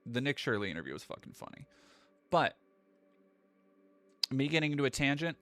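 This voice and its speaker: A man's voice: mid-range voice, sing-song, fairly quick, pauses often, a bit bright. A man from New England doing live-stream commentary, ranting in a profane, heated way.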